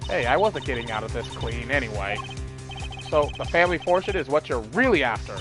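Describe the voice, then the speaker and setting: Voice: medium pitch, expressive, brisk, lightly acted. A game player voicing a cold, scheming young woman who taunts with sneering remarks, over game music. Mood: mocking.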